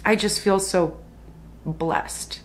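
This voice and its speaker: A woman in her thirties musing softly about a personal spiritual experience in a reflective vlog, with many fillers. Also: medium pitch, steady tone, very slow. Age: 30s. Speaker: spiritual vlogger.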